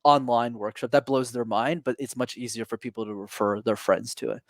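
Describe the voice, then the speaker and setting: A man, a communication coach and podcast guest, explaining his business in a fast, energetic, casual way with many fillers. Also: medium pitch, no echo.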